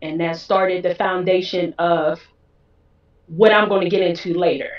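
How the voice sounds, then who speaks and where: Woman, candid personal storytelling, animated, distant mic, roomy. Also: lowish voice, moderate pace. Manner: animated, acts out others' voices in quotes. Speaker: guest telling her story. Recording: roomy, distant, dull sound.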